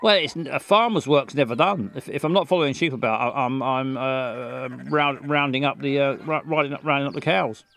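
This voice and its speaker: A man's voice: medium pitch, vocal fry, fairly bright tone. Man playing a stammering farmer. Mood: rambling. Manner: halting, repeats words, fumbling for answers. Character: dim stammering rural English farmer, middle-aged man. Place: outdoors in a field with farm animals.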